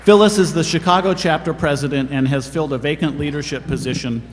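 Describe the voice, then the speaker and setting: A man presenting awards at a ceremony, reading the citations in a steady, formal way. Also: on the high side, quick pace, a faint crowd. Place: event hall. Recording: reverberant hall, faint room noise.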